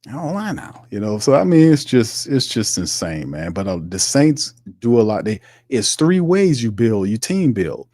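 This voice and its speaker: Heated sports talk host. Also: male voice, on the low side, very animated, normal speed, warm tone, no room sound, studio quality. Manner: heated, repetitive ranting. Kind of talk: sports commentary.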